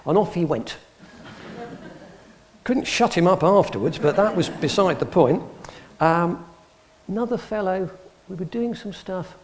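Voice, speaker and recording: A middle-aged English man spins dry, funny anecdotes for a hall audience, his voice sitting a touch high and swinging widely in pitch as he acts out each exchange. He speaks as a guest expert on antiques. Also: a little hiss or hum. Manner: dry humorous storyteller, acts out dialogue. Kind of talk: anecdotal talk to a live audience. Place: public hall.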